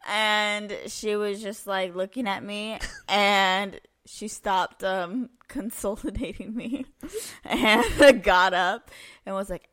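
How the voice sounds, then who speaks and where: A woman's voice: medium pitch, takes it slowly, a bit bright. Young woman telling stories, chatty. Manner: chatty storytelling, lots of "like" and "um". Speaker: podcast co-host. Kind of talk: casual chat.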